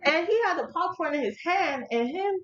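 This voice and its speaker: A young woman vlogger telling a story in casual, slangy speech, animated and laughing along as she talks. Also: very high voice, normal speed. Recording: echoey room, dull lo-fi audio, faint noise.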